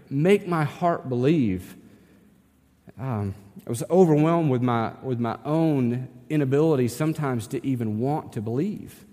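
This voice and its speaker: A man preaching a sermon as pastor, halting and emotional, with frequent restarts. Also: a little high, a little mellow, big-room sound. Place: church sanctuary.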